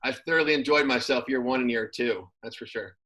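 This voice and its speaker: A man talks in a relaxed, meandering way as an interview guest, leaning on plenty of fillers. His pitch sits in the middle range, and he keeps an easygoing conversational pace. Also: quick pace, a little hiss or hum, rough recording. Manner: relaxed, rambling with many fillers. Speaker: former pro football player, guest. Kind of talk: casual interview.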